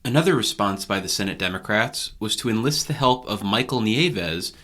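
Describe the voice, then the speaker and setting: A man hosting a news podcast, reading his scripted narration in a measured, even way. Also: on the low side. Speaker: podcast host and reporter.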